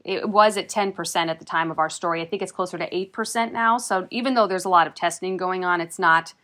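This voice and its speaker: A woman's voice: lowish voice, quick pace, fairly bright tone. A woman reporter casually explaining consumer news in a chatty, self-joking way.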